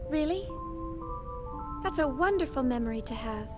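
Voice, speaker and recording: An actress playing a thoughtful young woman engineer in a video game, speaking softly and questioningly. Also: high voice, animated, moderate pace. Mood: wry. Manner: soft and questioning. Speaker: game character. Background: game music.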